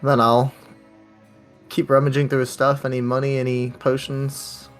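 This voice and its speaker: A man's voice: mid-range voice, monotone, moderate pace, faint music behind. A man playing a tabletop game, asking curious questions about the loot he finds. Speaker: player. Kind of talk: casual tabletop play.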